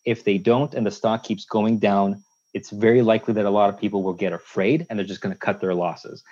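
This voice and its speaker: A man from Canada, a lawyer guest on a podcast, building long measured points with analogies and restarts. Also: lowish voice, steady tone, darkish tone. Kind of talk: casual conversational interview. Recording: dull lo-fi sound.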